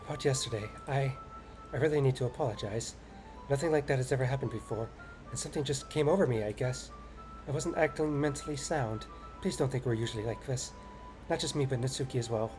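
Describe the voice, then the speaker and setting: A man's voice: mid-range voice, brisk, over music, close to an everyday voice. A man doing a shy stammering schoolgirl. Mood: timid. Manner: soft, hesitant, stammering. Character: shy timid teenage schoolgirl.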